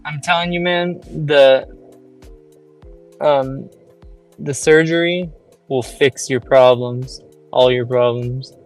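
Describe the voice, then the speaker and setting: Chill guy with a smooth clear voice just chatting, faint music behind. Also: medium pitch, steady tone, slow pace, pauses often. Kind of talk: casual chat.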